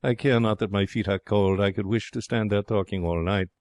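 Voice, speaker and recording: Brief: male narrator as a romantic young Frenchman, theatrical, broken English, lowish voice, dry studio sound. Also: fairly even intonation, brisk, darkish tone, dry recording, natural voice. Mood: excitable. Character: excitable young Frenchman, romantic would-be artist. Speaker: audiobook narrator. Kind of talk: audiobook reading.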